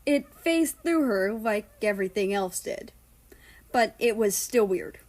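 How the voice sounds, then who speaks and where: A woman's voice: mid-range voice, animated, a little slow, darkish tone. A woman narrating fanfiction aloud in a casual reading style with the odd swear. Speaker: fanfiction reader. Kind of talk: storybook narration.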